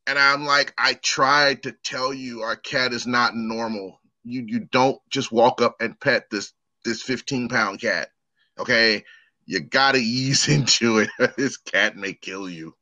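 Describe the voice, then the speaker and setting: A man's voice: medium pitch, a little slow, muffled recording. A man co-hosting a podcast, telling a family story in casual chat and acting out the people in it. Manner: animated storyteller, acts out quoted people. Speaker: podcast co-host.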